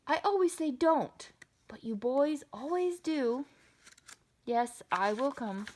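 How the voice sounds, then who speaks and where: A woman's voice: sits high, expressive, slow, a little mellow, pitched above the performer's own voice, full character voice. Tired old storybook shopkeeper sighing i knew it read by a lady. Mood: resigned. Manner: resigned, told-you-so tone. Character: weary older shopkeeper man, knowing and resigned.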